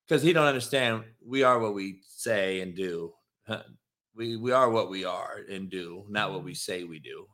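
A man hosting a sports podcast, ranting in a profane, animated, casual way. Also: on the low side. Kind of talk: casual chat.

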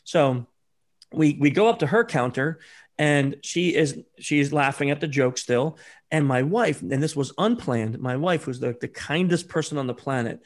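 A man telling stories as an interview guest, with a voice a little higher than most men's. He is animated and acts out the dialogue of the people in his stories. He speaks as a social engineer and author. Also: normal speed. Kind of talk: interview storytelling.

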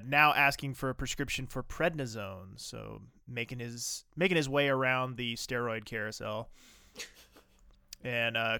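A man co-hosts a casual podcast, recapping a TV drama. His voice is bright and crisp, recorded dry and close. He rambles eagerly, full of "like" and "uh". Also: on the low side, no room sound. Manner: enthusiastic, rambling with many fillers. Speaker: podcast co-host.

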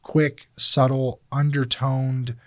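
A man's voice: medium pitch, level tone, slow, slight background noise. A man hosting a casual podcast chat, talking bluntly and candidly with plenty of swearing. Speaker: podcast host.

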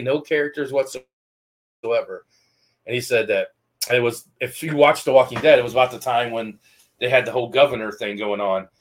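Loud podcast guy, animated, does voices in his stories, middle pitch, casual chat. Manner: loud, animated storyteller who acts out voices. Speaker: podcast host.

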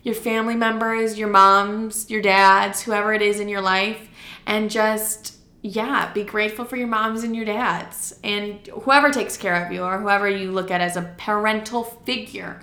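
A woman's voice: medium pitch, steady tone, a little slow, bright, forceful tone. A young adult woman hosting a podcast, telling a story in a chatty, casual way with lots of "like" and free swearing. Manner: chatty, heavy use of "like", swears freely. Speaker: podcast host. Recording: roomy echo.

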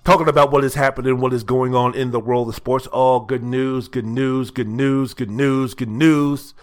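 A man's voice: mid-range voice, fairly even intonation, moderate pace. A man hosting his own sports talk show, giving emphatic, colloquial commentary that is full of repetition. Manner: emphatic, repetitive, colloquial, sings snatches playfully.

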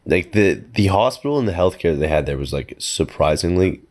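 Deep-voiced young man, rambling story. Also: animated, a little mellow. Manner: rambling, halting with fillers. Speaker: podcast co-host. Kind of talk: casual chat, storytelling.

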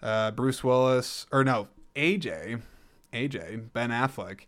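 A man talks through a film review on his own show in an easy, joking way, wandering off track and correcting himself. His voice is smooth and clean, sitting at an ordinary middle pitch. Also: slow pace, fairly bright tone. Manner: rambling, jokey, self-correcting. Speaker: podcast host reviewing a film. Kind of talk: casual solo film review.

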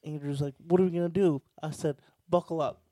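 A man tells a rowdy story to his podcast friends, profane and animated. His voice sits a little high. The sound is close and dry, with no room around it. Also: a little fast, no room sound. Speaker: podcast co-host telling a story. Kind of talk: casual storytelling chat.

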